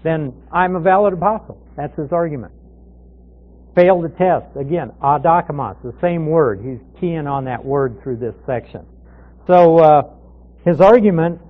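A man's voice: a little high, unhurried. A man teaching through a Bible passage verse by verse, in a conversational way, asking questions and answering them himself. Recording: tinny phone-like radio broadcast.

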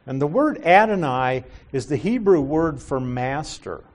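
Male Bible teacher for a class lecture: slow and patient, explains step by step, tosses in rhetorical questions. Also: a little high, expressive. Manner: corrects himself mid-sentence.

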